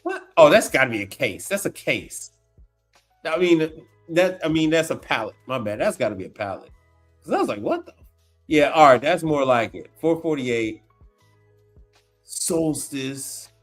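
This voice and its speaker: A man hosting a casual livestream, talking in an animated, slangy way, exclaiming and repeating himself as he reacts. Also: a little high, moderate pace, soft background music. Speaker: appliance repair tech livestream host. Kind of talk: casual livestream chat while browsing online.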